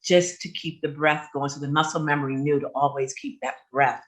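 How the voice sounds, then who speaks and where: Low-voiced woman host telling a story. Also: fairly even intonation, fairly quick, fairly bright tone. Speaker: radio show host. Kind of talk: candid storytelling chat.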